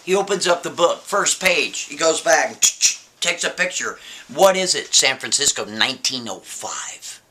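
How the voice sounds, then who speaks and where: A man casually telling a spooky story, lively and full of rhetorical questions. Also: fairly high pitch, moderate pace, few pauses. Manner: animated, keeps asking "right?" and rhetorical questions.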